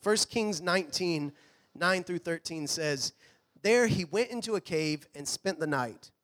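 A man preaching a sermon in a church, earnest, sometimes dropping to a hush. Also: high voice, animated, measured pace. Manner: earnest preaching, drops to a hush on quoted lines. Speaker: pastor. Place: church hall.

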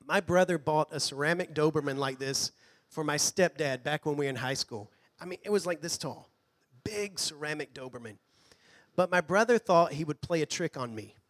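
Guy preaching a sermon, earnest, kinda high voice, goes quiet on some lines. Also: normal speed. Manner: earnest preaching, drops to a hush on quoted lines. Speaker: pastor. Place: church hall.

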